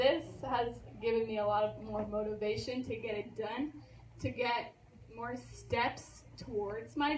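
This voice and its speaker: A young woman graduating from a course, who gives an earnest speech with halting restarts. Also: on the high side, a little mellow, a little hiss or hum. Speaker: graduating student. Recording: echoey room, voice from a distance.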